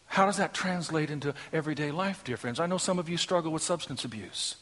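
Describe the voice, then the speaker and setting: A man preaching a sermon, shifting between hushed, intimate lines and loud, emphatic declarations. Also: a little high, fast, few pauses.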